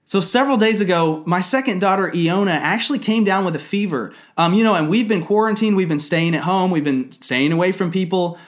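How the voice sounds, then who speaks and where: A man's voice: high voice, brisk, few pauses, faint music behind. A man in his thirties giving an earnest, conversational sermon testimony about his family, with frequent fillers. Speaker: ministry leader.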